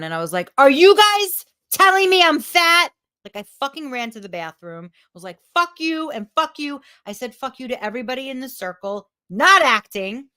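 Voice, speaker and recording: Animated, foul-mouthed woman coaching live. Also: medium pitch. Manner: frank, swears freely, animated storytelling. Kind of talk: live video talk to viewers.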